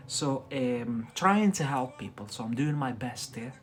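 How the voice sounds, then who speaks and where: Guy doing a live english lesson, really slow and careful, keeps going "yeah?" after everything. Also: mid-range voice, lively intonation, a little hiss or hum. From Algeria. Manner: deliberately slow, frequent "yeah?" check-ins. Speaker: English tutor livestreamer.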